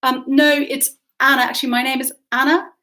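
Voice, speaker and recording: A woman's voice: high voice, little pitch movement, a little fast, pushed and bright, pitched above the performer's own voice. A woman reading aloud, voicing a shy, polite young woman who hesitates and stumbles over her words. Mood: flustered. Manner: hesitant, with ums. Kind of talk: audiobook character voice.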